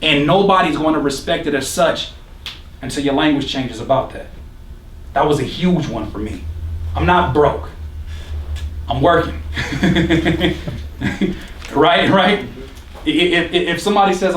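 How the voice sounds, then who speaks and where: A man giving an energetic, preachy motivational talk to a live audience, quizzing the crowd and joking along the way. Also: a little high, normal speed, pauses often, a little hiss or hum. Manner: energetic, preachy, questions the crowd, jokes and laughs. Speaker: motivational speaker at a producer workshop. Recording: roomy hall, speaker far from the mic.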